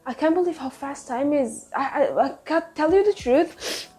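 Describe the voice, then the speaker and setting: A woman's voice: high voice, expressive, normal speed, darkish tone, soft background music. A woman in her twenties giving a casual monthly reading wrap-up, gushing over books, repeating herself and swearing casually. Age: 20s. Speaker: book reviewer.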